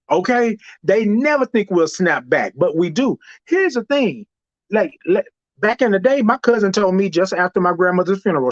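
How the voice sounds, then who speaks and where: A man with a Houston accent who hosts a show, giving a preachy, animated monologue and playing out both sides of a dialogue himself. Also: high-pitched, dry recording, dull audio. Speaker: host. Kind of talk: motivational monologue.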